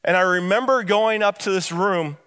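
A man with a notably high voice preaching a sermon in church. He leans hard on slow, emphatic lines, sinks into hushed low tones on key phrases, then rushes through his stories. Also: clean tone, big-room sound. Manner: bursts of quick storytelling between slow, stressed lines. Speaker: pastor.

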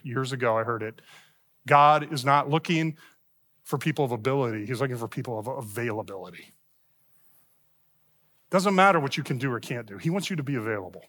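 A man's voice: mid-range voice, a bit bright. A middle-aged man preaching a sermon in a church, telling a personal story in a conversational way and acting out the voices he quotes. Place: church sanctuary.

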